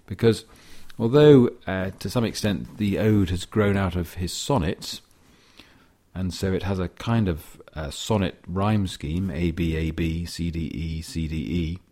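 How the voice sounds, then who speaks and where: A middle-aged man explaining a poem in a measured, thoughtful way, reading lines of verse aloud between scholarly asides. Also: deep voice, mellow. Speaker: literature lecturer.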